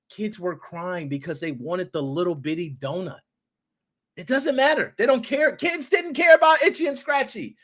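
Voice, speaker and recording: A man hosting a gaming podcast, talking in an animated, excitable way with playful rants and cursing. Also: sits high. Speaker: podcast host. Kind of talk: casual commentary podcast.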